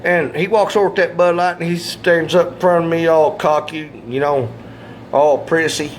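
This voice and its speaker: High-voiced folksy storyteller. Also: male voice, steady tone, slight background noise. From Southeast Missouri. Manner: folksy, salty, drawn-out punchlines. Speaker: comedic storyteller. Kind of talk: comic storytelling monologue.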